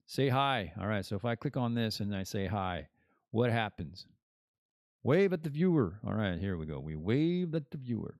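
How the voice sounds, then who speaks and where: A man's voice: fairly low pitch, a little mellow, dry recording, studio quality. A man hosting a podcast as a casual live stream, rambling and joking as he chats. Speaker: podcast host.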